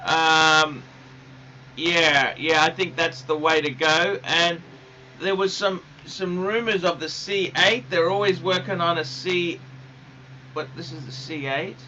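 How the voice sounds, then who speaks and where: A man hosts a casual livestream and answers viewer questions with eager enthusiasm. His voice sits high and sounds strikingly bright and forceful. A faint hum runs behind him. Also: fairly even intonation, slow, low-quality recording. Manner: enthusiastic, repeats words and phrases. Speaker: livestream host.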